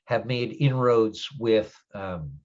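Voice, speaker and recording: A man playing a gruff, grumpy older male changeling lord who speaks bluntly and swears in halting explanations. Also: on the low side, lo-fi sound. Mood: stern.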